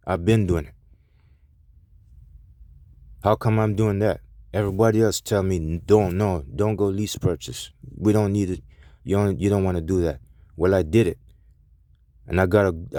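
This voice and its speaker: A man with a deep, low voice vents as a truck driver talking straight to his viewers. He is heated, profane and defensive, circling back over his points and restarting sentences. The sound is dry and close, with almost no room echo. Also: a little mellow. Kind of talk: ranting vlog to viewers.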